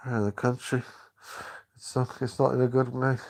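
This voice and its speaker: An older man chatting on a live stream, halting and rambling with many restarts. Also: mid-range voice, flat delivery, a little mellow. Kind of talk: casual live-stream chat.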